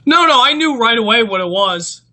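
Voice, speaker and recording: A man co-hosting a casual wrestling chat, quick and offhand with jokes. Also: extremely high pitch, animated, pushed and bright, rough recording. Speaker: podcast co-host.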